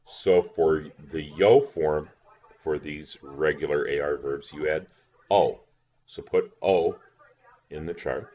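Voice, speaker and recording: A man's voice: extremely low pitch, takes it slowly, dark tone, muffled recording. A man teaching a recorded lesson, patient, spelling words out letter by letter. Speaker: language teacher.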